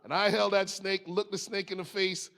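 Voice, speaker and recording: A middle-aged American man preaches about stress, slipping into a lively personal story. His voice sits a touch higher than most men's, and he throws in quick asides as he goes. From United States. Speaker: speaker.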